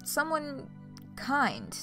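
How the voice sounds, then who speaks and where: A weary, soft-spoken man just out of a marriage, read aloud by a woman. The delivery is subdued and sincere, a touch lower than her usual voice. The tone stays bright and forward. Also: huge pitch swings, drawn-out words, soft background music, full character voice. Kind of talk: reading game dialogue aloud.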